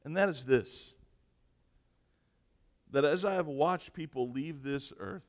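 A man preaching a sermon, slow and emphatic, moving between loud declarations and near-whispers. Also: on the high side. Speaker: pastor. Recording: echoey hall.

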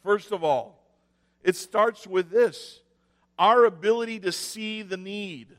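A man preaching a sermon, telling stories with sarcastic mock cheer and dramatic pauses. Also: high-pitched, big-room sound. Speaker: pastor. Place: church sanctuary.

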